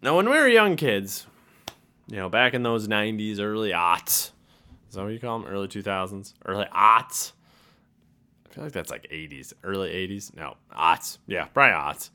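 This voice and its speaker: A young man talks through a casual solo podcast, wandering off track and chuckling at himself. His voice sits low, yet it swings widely in pitch and has a bright edge. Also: lively intonation, moderate pace. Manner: rambling, self-interrupting, laughs at himself. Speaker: podcast host.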